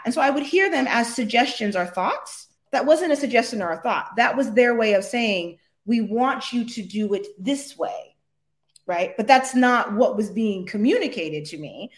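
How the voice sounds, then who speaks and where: Animated American woman telling a story. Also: fairly high pitch, normal speed. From United States. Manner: animated, laughs often, acts out quotes. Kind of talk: casual storytelling.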